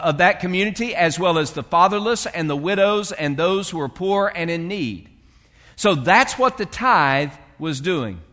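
A man's voice: high-pitched, a bit bright, big-room sound. A male pastor preaching a sermon in a loose, conversational way, with fillers and restarts as he reads and explains scripture.

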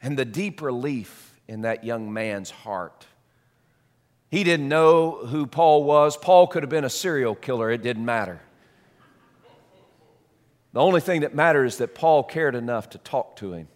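A man's voice: medium pitch, animated, a little slow. Dramatic storytelling preacher, a man. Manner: dramatic, shifts loud and soft, repeats words. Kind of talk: storytelling sermon.

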